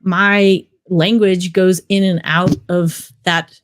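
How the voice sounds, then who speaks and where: A woman's voice: lowish voice, fairly even intonation, slow pace. Rambling woman filmmaker telling stories. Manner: rambling storyteller, many fillers like "you know". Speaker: documentary film director. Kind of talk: casual interview talk.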